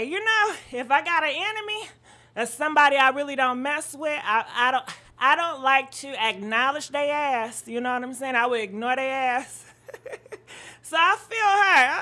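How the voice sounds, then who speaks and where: A woman's voice: sits high, sharp tone. A woman hosting a casual live-stream gossip chat, a little out of breath, swearing freely and greeting commenters by name.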